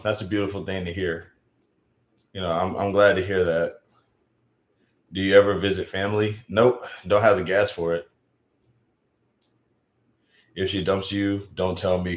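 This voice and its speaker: A man with a lowish voice talks casually on a live stream, rambling and poking fun at himself. The sound is roomy and echoey. He reads viewer comments aloud. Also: steady tone, normal speed, pauses often. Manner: rambling and self-mocking. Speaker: live streamer reading chat. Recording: echoey room.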